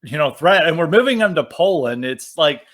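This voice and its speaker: A man talking casually about politics, animated and sarcastic, with many fillers. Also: fairly high pitch, normal speed. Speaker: podcast guest.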